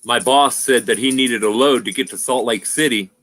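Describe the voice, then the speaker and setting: A man's voice: mid-range voice, normal speed, fairly bright tone, faint music behind. A middle-aged man hosting a casual livestream, rambling through trucking stories with lots of laughs. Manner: rambling, laughs often, says "freaking". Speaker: livestream host. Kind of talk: casual chat and storytelling.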